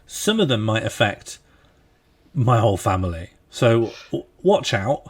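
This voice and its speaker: A man's voice: lowish voice, sing-song, measured pace. A young man hosting a casual game livestream, joking and laughing as he rattles off long lists. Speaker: streamer playing a strategy game.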